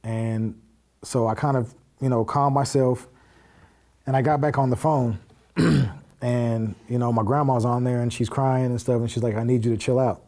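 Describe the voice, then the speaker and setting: Mellow-voiced man telling a personal story. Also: medium pitch, fairly even intonation, normal speed. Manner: acts out quoted dialogue while recounting events; plain-spoken, with frequent fillers and curse words. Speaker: podcast guest.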